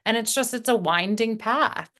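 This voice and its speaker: A woman in a casual spiritual podcast chat, speaking reflectively and haltingly, pausing mid-thought. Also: a little high, a bit bright.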